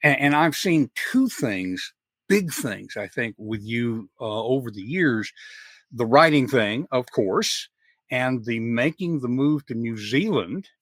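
A man's voice: mid-range voice, expressive, slow pace, fairly bright tone, dry recording, studio quality. A middle-aged man with a Southern US accent hosting a podcast interview in a folksy, chatty way, often restarting his sentences. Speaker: podcast host. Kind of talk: casual interview chat.

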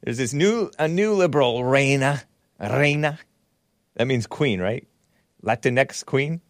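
A man's voice: medium pitch, animated, takes it slowly, no room sound, studio quality. A man hosting a talk show, giving casual, sarcastic commentary and laughing often as he mocks tweets.

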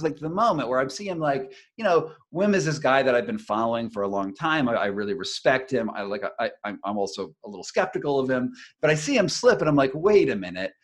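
A middle-aged man, a journalist and author, telling a story in a casual interview, rambling with many fillers and restarts. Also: fairly high pitch.

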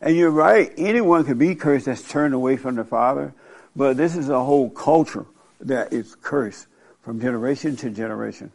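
A man's voice: medium pitch, moderate pace, vocal fry, darkish tone. An older man hosting a talk show, talking bluntly in a rambling storytelling way and often breaking into laughter. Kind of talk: casual opinionated talk.

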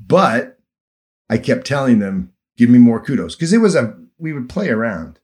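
A man's voice: mid-range voice, sing-song, normal speed. A man hosting a casual conversation, telling long anecdotes in an easygoing, sometimes emotional way. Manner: storytelling, drifting into soft emotional asides.

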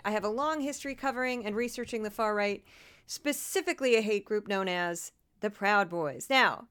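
Fast-talking New York woman, high clear voice. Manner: fast-talking, self-described loud. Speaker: podcast host. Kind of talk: solo political podcast commentary.

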